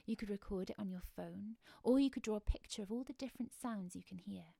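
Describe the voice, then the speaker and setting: A woman telling a story to the listener during an outdoor walk, gentle and often dropping to a whisper. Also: mid-range voice, a little fast, gravelly, no room sound. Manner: gentle, hushed, speaks to the listener. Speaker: storyteller and guide.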